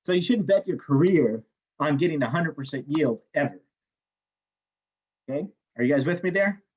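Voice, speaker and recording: A man teaching a chemistry class, telling a story in an animated way, swearing freely and acting out the people he quotes. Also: a little high, moderate pace, breathy edge. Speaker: chemistry instructor. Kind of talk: lecture with personal story. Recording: dull lo-fi classroom recording.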